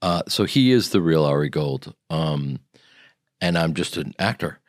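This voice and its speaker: Lively storytelling man, dry studio. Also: rumbling low, a little slow, dry recording. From American Midwest. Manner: animated storyteller who acts out quoted people. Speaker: actor and comedian guest. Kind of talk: radio interview. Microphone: studio microphone.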